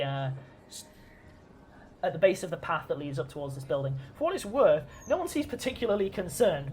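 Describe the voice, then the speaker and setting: A woman's voice: sits low, a bit bright, slight background noise. A woman narrating as game master of a tabletop game, chatty and full of restarts.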